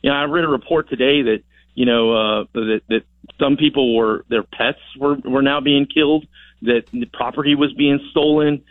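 A man speaks over a thin telephone line with no room sound at all. He answers with emphatic, rallying conviction, pressing his points by repeating words. His pitch sits in an ordinary middle range. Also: steady tone, normal speed, no room sound. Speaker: congressman as phone-in guest. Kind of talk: radio interview answers. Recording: dry tinny phone line.

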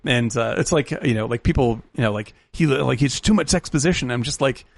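Podcast co-host, male, gravelly, rambling and enthusiastic, casual film talk. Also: mid-range voice, fairly quick, dry recording. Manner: enthusiastic, rambling, swears, laughs often.

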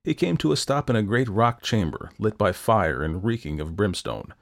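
Male folktale narrator, somewhat low, steady and expressive. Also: normal speed, creaky. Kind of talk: storytelling narration.

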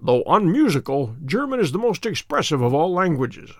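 A man voices a calm, witty, self-assured detective in a slightly high, very animated delivery at moderate pace. The mood is wry, with dry, polite irony, captured in a dry, close recording free of echo.

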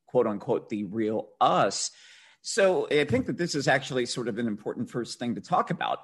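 Guy hosting a podcast, husky voice, slow careful questions, thinks out loud. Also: on the low side. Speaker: podcast host. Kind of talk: reflective interview questions.

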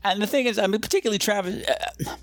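A man's voice: high voice, fast talker. A man hosting a podcast, talking candidly and earnestly with a self-deprecating touch. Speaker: podcast host. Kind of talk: casual podcast talk.

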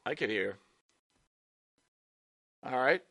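A man's voice: mid-range voice, expressive, slow, vocal fry, a bit bright, a little hiss or hum. A man hosting a podcast in casual chat, asking questions and steering the talk. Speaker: podcast host.

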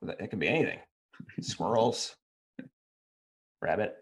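A man's voice: on the low side, expressive, a little slow, vocal fry. Teasing podcast co-host, a man. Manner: teasing, dry storytelling. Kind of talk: casual podcast banter.

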